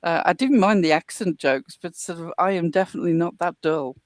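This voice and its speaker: A woman from the English Midlands with a slightly softened Midlands accent, chatting as a co-host in a dry, sarcastic, mock-indignant way. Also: lowish voice, brisk, no room sound. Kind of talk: casual podcast chat.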